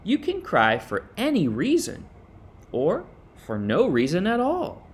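A man voicing a gentle, patient mother rabbit in a storybook. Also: high voice, huge pitch swings, unhurried, husky, voice pushed up, exaggerated voice. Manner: gentle, soothing.

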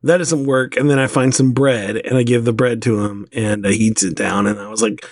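Young guy, casual co-host, animated storyteller, dry close mic, mid-pitched voice. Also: brisk, hardly any pauses, no echo. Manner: animated storyteller acting out quoted dialogue, laughs often.

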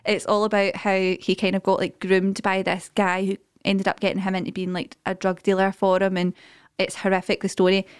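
Fast-talking Glaswegian woman, chatty. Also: mid-range voice, monotone, clean tone, no room sound, clean studio sound. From Scotland. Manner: chatty, storytelling. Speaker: podcast co-host. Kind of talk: casual chat.

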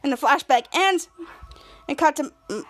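A woman's voice: high-pitched, expressive, normal speed, fairly bright tone. A woman podcast host giving a casual, rambling recap of a TV episode, often restarting her sentences. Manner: rambling, restarts with many cuts.

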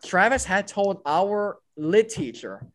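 Speaking slowly in a high voice, a young man co-hosting a podcast with old school friends tells a story in relaxed conversation. He's animated, swears a lot, and performs other people's lines.

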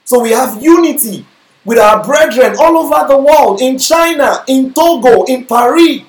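A man's voice: very high-pitched, expressive, moderate pace. A man preaching a sermon, often checking in with the congregation with questions like whether they follow him. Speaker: pastor. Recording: echoey room.

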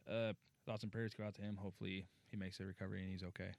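A man's voice: sits low, flat delivery, rapid-fire, creaky, no echo. A man co-hosting a casual sports podcast, laid-back, laughing and swearing as he reads out news. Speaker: podcast co-host. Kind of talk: casual hockey news chat.

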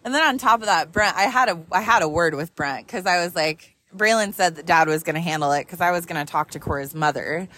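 A woman in her thirties, a mother, telling a story in a casual, animated way, swearing freely and laughing often, talking while driving her car. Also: fairly low pitch, brisk, few pauses.

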